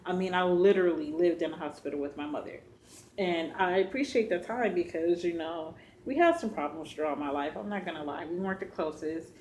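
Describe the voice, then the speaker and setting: A woman's voice: on the low side, a little fast, a little mellow, a little hiss or hum. Chatty woman telling a personal story. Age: adult with a child. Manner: chatty, addresses viewers as y'all, many fillers. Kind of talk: casual storytelling to camera.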